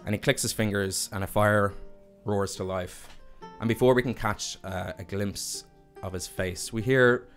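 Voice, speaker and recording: A man's voice: on the low side, fairly even intonation, measured pace, hardly any pauses, soft background music. A man narrating a tabletop fantasy game as game master, telling the scene like a storyteller and laughing often.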